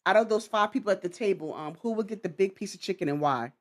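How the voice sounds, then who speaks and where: A man's voice: high-pitched, fast talker. A man hosting a casual interview over a video call, encouraging his guest with frequent affirmations. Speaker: podcast host.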